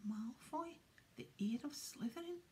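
A woman's voice: fairly high pitch, normal speed, a little hiss or hum, lightly acted. Woman whispering as a cautious schoolgirl, whispered role-play. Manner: hushed, sceptical. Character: sensible, cautious teenage schoolgirl.

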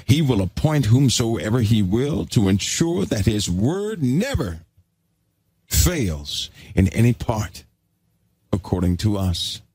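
Male preacher, emphatic sermon, animated swings in pitch, husky. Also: takes it slowly, no echo. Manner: exhorting, emphatic.

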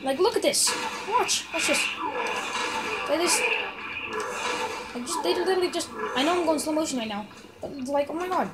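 Young woman, high voice, chatty gameplay commentary with outbursts at enemies, noisy homemade recording. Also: moderate pace, long pauses. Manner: chatty, excitable, mocks enemies. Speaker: gamer.

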